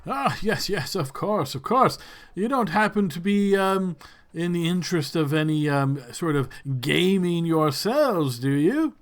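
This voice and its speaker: A man's voice: high-pitched, lively intonation, a little slow. Man doing a sly smug nobleman. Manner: hesitant, sly insinuation. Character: smug male nobleman fond of dangerous games.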